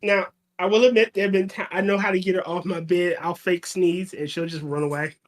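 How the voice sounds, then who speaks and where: A man's voice: sits high, fairly even intonation, a little fast. A man in casual podcast chat, rambling and stammering as he repeats his words. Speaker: podcast co-host.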